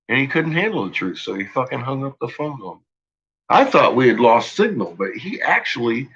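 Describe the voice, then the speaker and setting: Casting: male live streamer, husky bright voice, cursing rant, lo-fi stream sound. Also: medium pitch, very animated, a little fast. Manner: profane, agitated ranting.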